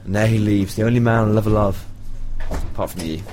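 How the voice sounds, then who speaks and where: A man's voice: fairly low pitch, fairly even intonation, a little fast, background noise. A man hosting a casual radio show, chatty and laughing often, with rambling asides. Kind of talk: casual student radio chat.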